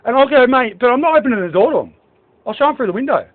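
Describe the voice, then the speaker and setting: A man with a very high voice talks in an agitated, rambling way, swearing and listing book titles. The sound is thin and tinny, like a phone line. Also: expressive, racing. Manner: reads out list of book titles. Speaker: speaker addressing staff. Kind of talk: agitated monologue.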